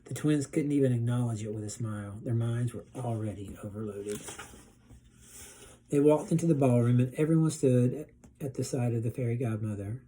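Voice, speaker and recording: A male teacher reading a children's storybook aloud in a steady, gently expressive way. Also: medium pitch, normal speed, a little hiss or hum.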